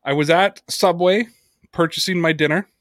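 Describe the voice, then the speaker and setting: A man's voice: on the high side, moderate pace, no echo, clean studio sound. A man hosting a podcast, telling a story in casual chat, swearing freely and acting out what others said. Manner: animated storyteller, swears freely, acts out quotes. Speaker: podcast host.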